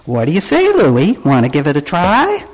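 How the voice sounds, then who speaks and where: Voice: mid-range voice, wildly swooping pitch, moderate pace, in a large hall, rough recording. A preacher voicing a kindly stepfather in a children's story read aloud to a congregation. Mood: encouraging. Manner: cheerful, encouraging. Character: kindly, upbeat stepfather of a boy.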